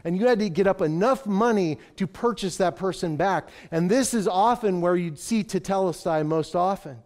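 A man preaching a sermon as pastor, swinging from loud proclamations to hushed, emphatic lines. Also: high-pitched, normal speed.

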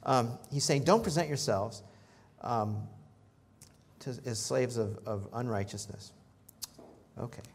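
A man preaching a sermon in a conversational way, joking with the congregation and rising in pitch and volume when he reads scripture. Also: lively intonation, takes it slowly, long pauses, slight background noise. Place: church in front of a congregation.

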